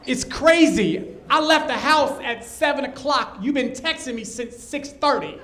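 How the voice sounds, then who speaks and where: High pitched guy ranting onstage, exasperated, loud punchlines, roomy echo. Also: a little slow. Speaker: stand-up comedian. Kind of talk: stand-up comedy set. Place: comedy club stage with audience.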